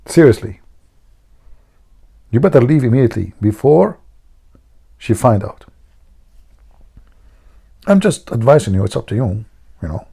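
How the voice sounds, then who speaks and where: A man's voice: mid-range voice, sing-song, a little slow, vocal fry, pauses often, mellow, slightly rough. A man hosting a live stream, teasing his viewers and telling jokes in a mocking way. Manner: mocking, teasing, jokey asides.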